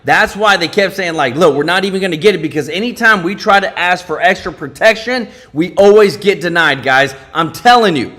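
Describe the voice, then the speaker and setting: High bright-voiced male stream host. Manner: excited, keeps addressing viewers as guys. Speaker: channel host. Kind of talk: reaction commentary livestream.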